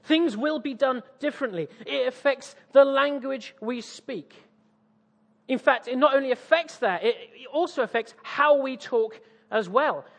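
A man's voice: very high voice, measured pace, vocal fry, fairly bright tone, in a large hall. A man from East Anglia with an English accent, preaching a sermon with audience interaction, jovial and self-mocking. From East Anglia, England.

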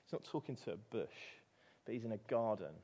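A man's voice: fairly low pitch, animated, fast talker, mellow. A man with an English accent preaching a sermon, telling a story with animation and rising to emphatic peaks.

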